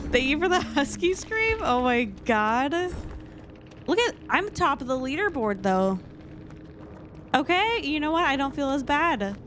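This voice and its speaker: A young woman streaming a game, chatting casually with her viewers, excitable and dramatic, laughing often. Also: sits high, unhurried, slight background noise. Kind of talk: casual gameplay commentary.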